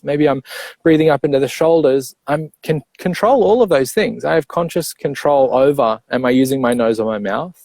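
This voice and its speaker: A man in the role of a breathwork coach, explaining calmly and clearly. He walks through points one by one, often checking in with a quick "right?". His voice sits at a middle pitch and the recording is dry and close. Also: no room sound. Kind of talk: explanatory interview talk.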